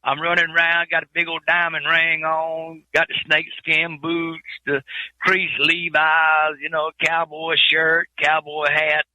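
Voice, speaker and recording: A man's voice: on the high side, completely flat delivery, a little slow, pushed and bright, dry recording, lo-fi sound. A man telling his trucking life story in an interview, in plain folksy speech with many repeated words.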